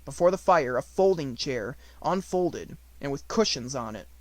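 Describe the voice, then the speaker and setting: A man reading an unabridged novel aloud as an audiobook narrator, with expressive storytelling. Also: medium pitch, normal speed, no echo.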